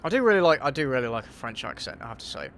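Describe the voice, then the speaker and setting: A man with an ordinary mid-range voice answers viewer questions on a relaxed gaming stream. He talks offhandedly, swears freely and mutters to himself while he plays, over a faint hum of ambience. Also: mid-range voice, racing. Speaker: YouTube host. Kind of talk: casual livestream Q&A while gaming.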